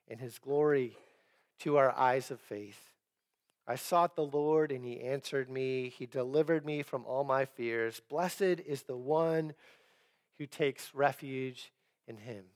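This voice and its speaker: A pastor delivering a Sunday sermon, his slightly high male voice rising on key words and dropping low and quiet after them. He builds emphasis with pauses and slips in chuckling asides between points. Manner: emphatic preaching with dramatic pauses and rising stress.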